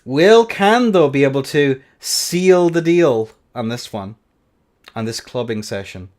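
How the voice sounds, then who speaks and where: A young man calls a video game tournament with lively play-by-play, swinging from hushed murmurs to hyped shouts. His voice sits at an ordinary middle pitch, and he tosses in playful, joking asides between the action. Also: measured pace. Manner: playful, slips into a joking Scottish accent. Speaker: tournament commentator. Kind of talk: play-by-play esports commentary.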